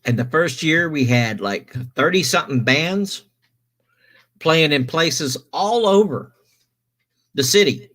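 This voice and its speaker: A man's voice: a little high, lively intonation, slow pace, long pauses, fairly bright tone. A man hosting a stream, telling a long story casually, rambling with many restarts and self-corrections.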